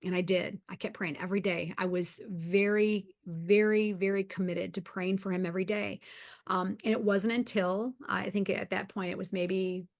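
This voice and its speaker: A woman's voice: mid-range voice, steady tone, moderate pace. Earnest woman sharing faith advice. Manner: earnest, heartfelt storytelling; frequent ums and restarts. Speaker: host. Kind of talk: faith-based advice chat.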